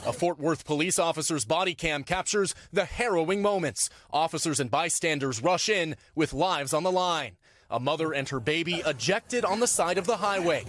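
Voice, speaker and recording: A man's voice: on the high side, moderate pace, no room sound. A man correspondent narrating a dramatic news package. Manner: dramatic, animated reporting.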